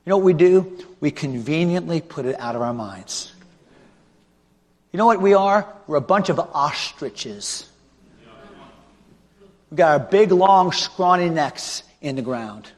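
A male pastor preaching a revival sermon with an altar call, swinging from loud shouting to hushed pleading. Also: on the high side, animated, unhurried, long pauses. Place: large church auditorium. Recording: long hall reverb.

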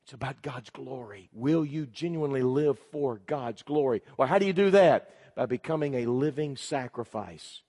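A man's voice: mid-range voice, moderate pace, hardly any pauses, mellow. A man preaching a sermon, retelling a story with repeated "he said" and then making urgent, direct appeals to the listeners. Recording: long reverb of a large hall.

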